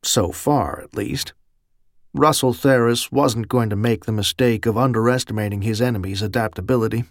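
A man giving steady, measured audiobook narration on a close studio mic. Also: mid-range voice, gravelly, dry recording.

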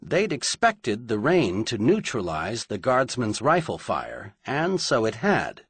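Husky man narrating an audiobook. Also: medium pitch, wildly swooping pitch, fairly bright tone, dry recording. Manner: dramatic, measured storytelling.

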